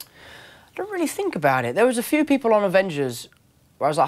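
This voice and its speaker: Lively young man with an English accent. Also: high voice, fast, long pauses. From London. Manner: animated storyteller who acts out other voices. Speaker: actor guest. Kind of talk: casual interview.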